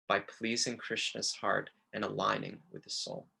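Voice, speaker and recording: A man's voice: on the low side, moderate pace, gravelly, few pauses, bright, forceful tone, husky. A man giving a morning scripture class at a temple, speaking earnestly and with feeling as he quotes his teachers. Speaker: temple lecturer. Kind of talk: devotional class lecture.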